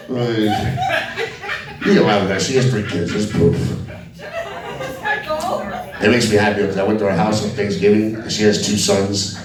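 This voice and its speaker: A man from Alabama tells crude, profane stand-up stories on a comedy club stage. His voice sits a little low and comes from some distance off the mic. The room is echoey, and the crowd laughs loudly throughout.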